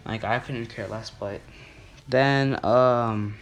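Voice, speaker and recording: A young man tells a long school story in a casual vlog. His delivery rambles, full of filler words and restarts, at an average pitch for a man. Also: steady tone, takes it slowly. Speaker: student telling a school story.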